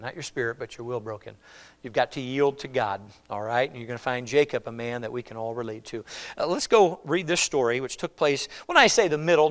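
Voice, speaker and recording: A man preaching a sermon as a pastor, conversational, often checking in with "all right?" and moving between loud emphasis and quiet asides. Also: medium pitch, clear, resonant tone. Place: church.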